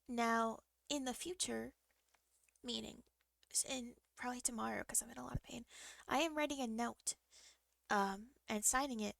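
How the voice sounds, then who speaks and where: Young woman streamer, rambling halting storytelling, dry close sound, vocal fry. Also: fairly high pitch, a bit bright, dry recording. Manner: rambling, halting retelling with many restarts. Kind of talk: casual storytelling to a live stream.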